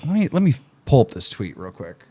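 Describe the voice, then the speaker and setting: A man's voice: mid-range voice, sing-song, brisk, mellow. A middle-aged man hosting a livestream, ranting in an angry, mocking, profane way. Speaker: livestream host.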